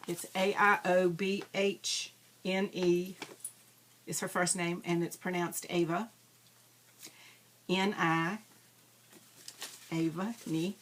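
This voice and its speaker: Woman, host, casual show-and-tell, slow pace, slightly low pitch, chatty and self-deprecating. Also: fairly bright tone. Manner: chatty, rambling, self-deprecating, frequent ums. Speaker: crafting videocast host.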